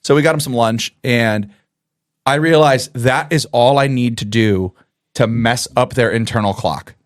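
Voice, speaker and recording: A man's voice: medium pitch, unhurried, dry recording, clean studio sound. Man co-host telling a classroom story. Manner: animated storyteller acting out quotes, laughing. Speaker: podcast co-host, teacher. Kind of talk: casual chat, storytelling.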